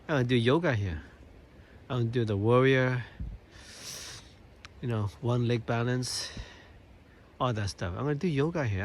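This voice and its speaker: A man's voice: mid-range voice, slight background noise. A man vlogging on a hillside trail near a waterfall, awestruck and often exclaiming over the view. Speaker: nature vlogger. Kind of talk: casual narration while walking outdoors.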